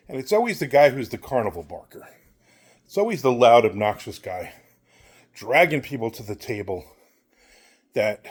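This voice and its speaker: A man's voice: mid-range voice, a little mellow. Blunt, rambling middle-aged man. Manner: blunt, rambling, acts out quoted people. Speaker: author and channel host. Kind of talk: casual opinion monologue while walking.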